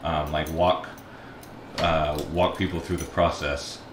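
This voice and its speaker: Deep-voiced male interviewer, roomy sound. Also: flat delivery. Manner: measured, thoughtful questions. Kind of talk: oral-history interview questions. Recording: roomy echo with faint background noise.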